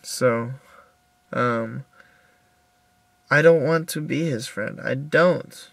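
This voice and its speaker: A young man recording a personal video diary in his car, upset and halting, with many restarts as he tells what happened. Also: medium pitch, creaky, a bit bright, no room sound. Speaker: video diarist.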